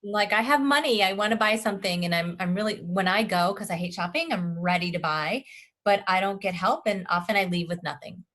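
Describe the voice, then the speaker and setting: A woman speaks candidly over a video call in a mid-pitched voice, starting and restarting her sentences as she works through her point. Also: a bit bright. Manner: candid and halting, with restarts and light laughs. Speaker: workshop participant. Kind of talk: casual sharing.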